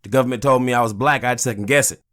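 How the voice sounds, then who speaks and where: Pissed off guy ranting on his podcast, swears constantly, mid pitch. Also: racing, fairly bright tone. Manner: angry, profane, keeps saying "you know what I'm saying". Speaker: podcast host. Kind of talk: casual ranting monologue.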